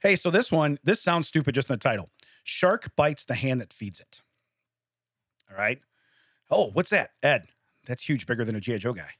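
A man hosts a casual news-story chat, breaking into laughter between lines. His pitch swings widely as he tells each tale. The recording is dry and close. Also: normal speed, pauses often, slightly rough, dry recording. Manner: laughs often, animated storytelling. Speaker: podcast co-host. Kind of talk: casual chat, reading odd news stories.

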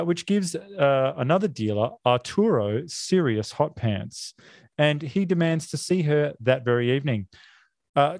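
A man's voice: fairly high pitch, darkish tone, no room sound, clean studio sound. Casual swearing man recapping a film. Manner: chatty, swears casually, many filler uhs. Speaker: podcast co-host.

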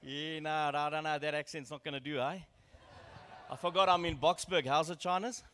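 An older man from Australia, a guest preacher giving a church sermon with jokes that builds to loud, slow, emphatic lines. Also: on the high side, steady tone, a little hiss or hum. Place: church hall.

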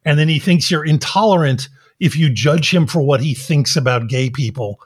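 A man's voice: fairly high pitch, moderate pace, heavy background noise. A man co-hosting a podcast, ranting in a profane, exasperated way. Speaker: podcast co-host. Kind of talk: casual chat.

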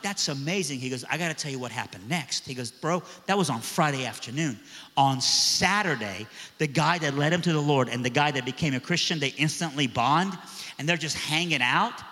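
A man preaching a sermon, telling a story in an animated way and acting out the voices of the people in it. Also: mid-range voice. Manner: animated, acts out quoted voices. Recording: long reverb of a large hall.

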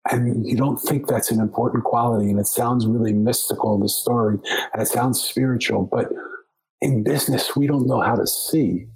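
A man's voice: mid-range voice, fairly even intonation, moderate pace, darkish tone, breathy edge, rough recording. A man, a podcast guest, telling a long story in conversation, often restarting and repeating words as he goes.

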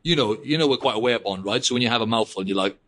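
A man's voice: mid-range voice, racing, fairly bright tone. A young man hosting a podcast in casual, rambling chat, peppering his talk with "mate" and "like". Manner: chatty, rambling, drops "mate" and "like" constantly. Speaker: podcast host.

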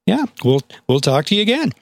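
Folksy, slightly high-voiced radio host. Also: male voice, very animated, a little fast, creaky, dry recording. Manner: folksy, hesitant with many uhs. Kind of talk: casual radio interview.

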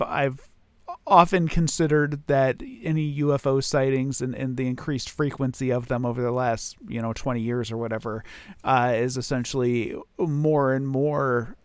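A man's voice: medium pitch, no echo. A man co-hosting a podcast in casual chat, rambling with lots of fillers and restarts. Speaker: podcast co-host.

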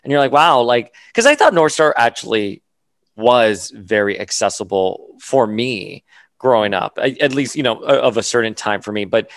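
A man's voice: lowish voice, expressive, moderate pace, gravelly, no room sound. A man co-hosting a casual podcast, talking animatedly with lots of fillers and restarts. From Miami area. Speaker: podcast co-host. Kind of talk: casual chat.

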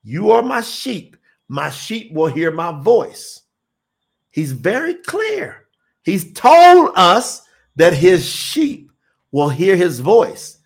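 Preacher guy on a livestream, highish voice that swings all over, folksy and repeats himself a lot. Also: gravelly. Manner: emphatic, repetitive, folksy preaching. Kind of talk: livestream sermon to online viewers.

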